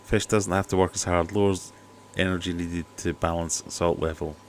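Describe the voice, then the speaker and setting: Chatty low-voiced man hosting a livestream. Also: steady tone, normal speed, slight background noise. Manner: chatty, skeptical, jokey asides. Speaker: aquarium channel host. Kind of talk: casual livestream chat. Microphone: cheap desk mic.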